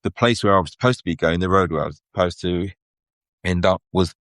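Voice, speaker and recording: Deep-voiced man with a London accent. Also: quick pace, no echo. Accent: London English. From England. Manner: chatty, lively anecdotes with frequent laughs. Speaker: guest photographer. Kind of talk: casual interview storytelling.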